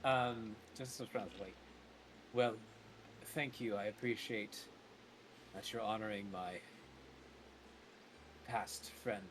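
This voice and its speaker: A man voicing his reserved, passive-aggressive adventurer character, speaking quietly and haltingly. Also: lowish voice, fairly even intonation, a little hiss or hum. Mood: hesitant.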